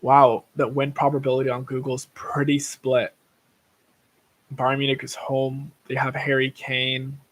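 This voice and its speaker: A man's voice: mid-range voice, completely flat delivery, a little slow. A young man talks casually on his own livestream. He rambles and wanders off on tangents, swears easily, and keeps an everyday mid-range voice throughout. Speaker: livestream host.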